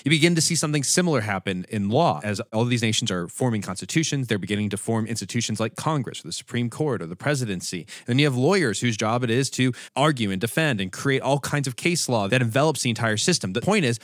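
Man, podcast co-host, quick conversational explainer, dry close studio sound. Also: mid-range voice, animated, no room sound. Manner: explanatory, laughs between points.

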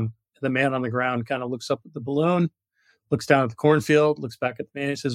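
A man from New York speaking as a guest on a business podcast. He talks in an animated, storytelling way and leans on "you know" as he goes. His voice sits at a middle pitch and the sound is close and dry. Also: fast, dry recording. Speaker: guest, product marketing director. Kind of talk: podcast interview.

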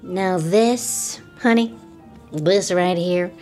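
A sweet, gushing woman hosting wine night draws out her words slowly in an audio drama. Light music plays beneath her affectionate talk. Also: lowish voice, a little mellow. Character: warm nosy female neighbor hosting wine night.

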